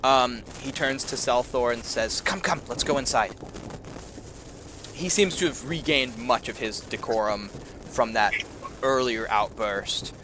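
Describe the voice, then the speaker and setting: A man narrating as game master in loose, hesitant speech with many fillers, sometimes dropping to a hushed whisper, over a video call. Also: mid-range voice, measured pace, noisy background. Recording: music playing underneath.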